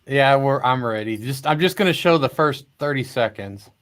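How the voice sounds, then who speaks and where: A man chatting casually on a group video call, lively and quick to laugh at himself. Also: medium pitch. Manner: lively, self-mocking.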